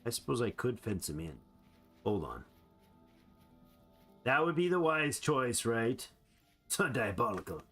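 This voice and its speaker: A man's voice: mid-range voice, big pitch swings, unhurried, pauses often, fairly bright tone, faint music behind. A man giving playful, rambling let's play commentary on a survival game, chatting to the animals he meets. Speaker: gamer.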